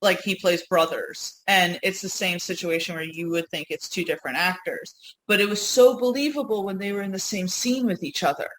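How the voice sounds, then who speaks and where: A woman with a New York accent tells stories in loose, rambling chat on her podcast. Her voice is bright and a little sharp, and she talks with lots of energy. A faint hiss sits behind her. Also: fairly low pitch, brisk, rough recording. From Yonkers, New York. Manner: rambling, animated storytelling. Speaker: podcast co-host. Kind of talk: casual chat.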